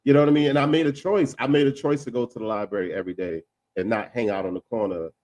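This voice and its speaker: A man talking casually in a discussion, emphatic and repeating himself, with quick asides. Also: mid-range voice, fairly even intonation, darkish tone.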